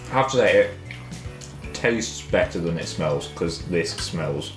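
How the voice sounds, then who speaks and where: A man's voice: low voice, lively intonation, unhurried. A man teaching a playful French lesson for children from a home kitchen, repeating words for pupils to copy. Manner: playful, drills words with varied voices. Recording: echoey room with faint music.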